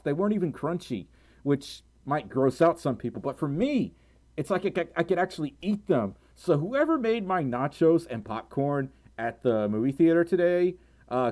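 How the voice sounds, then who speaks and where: Man, livestreamer, casual chat, reading donations, stammering, repeated words, fairly high voice. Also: darkish tone.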